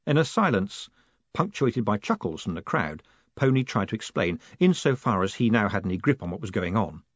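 A man narrating an audiobook in a dry, wry and measured way. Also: lowish voice, big pitch swings, no echo. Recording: dull, dry studio read.

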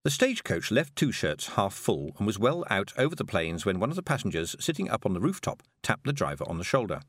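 A man reading a storybook aloud, expressive and lively. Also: fairly low pitch, fairly quick, dry recording, studio quality. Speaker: audiobook narrator. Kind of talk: scripted storybook narration.

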